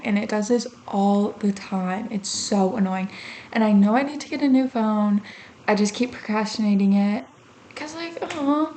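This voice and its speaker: A young woman with a fairly high voice chats straight to her camera, telling a story with plenty of "like" and "um". She acts out her own reactions as she goes. A faint hiss of background noise sits under her. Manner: chatty and animated, lots of fillers, acts out her own reactions. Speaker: vlogger. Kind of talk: casual talking-to-camera storytelling.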